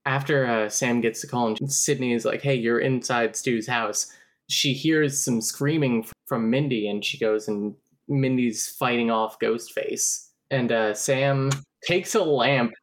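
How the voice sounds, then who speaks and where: A woman's voice: rumbling low, unhurried, few pauses. A woman co-hosting a podcast and discussing a horror film in a chatty, analytical way, with wry asides. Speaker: podcast co-host. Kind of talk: casual film discussion chat.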